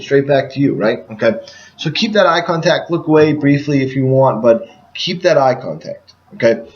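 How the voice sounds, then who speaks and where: A man's voice: medium pitch, lo-fi sound. Emphatic man coaching door-to-door sellers. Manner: emphatic, repeats "okay?" after points. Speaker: door-to-door sales trainer. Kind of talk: casual training talk.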